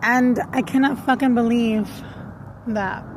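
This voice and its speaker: A woman's voice: a little high, fairly even intonation, measured pace, very noisy. Profane woman venting. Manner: profane, blunt, switches into Spanish. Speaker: vlogger. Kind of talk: casual venting monologue.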